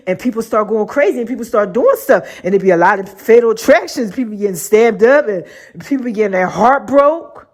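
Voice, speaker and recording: Laughing, chatty woman podcast host. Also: on the high side. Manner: laughs often, animated slangy asides. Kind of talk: casual storytelling monologue.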